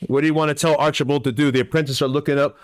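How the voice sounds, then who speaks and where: A man's voice: fairly high pitch, steady tone, rapid-fire. A man narrating a tabletop game as game master, rambling with lots of fillers.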